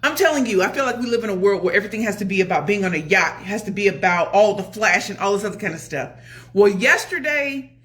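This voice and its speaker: A woman in her forties telling a story in a casual vlog, calling her viewers "y'all" and swinging from loud excitement to a hushed, confiding tone. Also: medium pitch. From New York area. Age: 40s. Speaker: motivational speaker and vlogger. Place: home.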